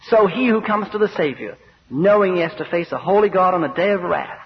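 A man with a high-pitched voice preaches with earnest emphasis, shifting into voices for his stories. The recording is dull and lo-fi, with a faint hiss underneath. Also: expressive, fairly quick. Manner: earnest, emphatic, acts out anecdotes. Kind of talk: evangelistic sermon.

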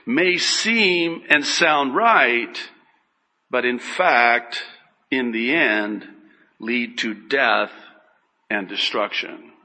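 Man preaching slow, bright voice, big emphatic highs then dropping low. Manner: emphatic, rising sharply on key phrases then dropping low; quotes scripture with heavy stress on single words. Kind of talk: sermon.

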